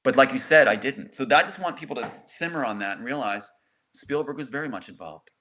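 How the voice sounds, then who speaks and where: Intense middle-aged man, bright voice. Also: medium pitch, lively intonation, brisk. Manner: intense, insistent, quotes others' words. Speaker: interview guest. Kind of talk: emotional storytelling. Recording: dull lo-fi sound.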